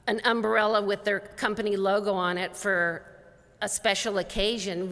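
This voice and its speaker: A woman giving a conference keynote, telling lively stories and acting out both sides of conversations. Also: medium pitch. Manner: animated storyteller acting out dialogue. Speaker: conference speaker. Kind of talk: motivational keynote talk. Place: large conference hall. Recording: long reverb of a large hall.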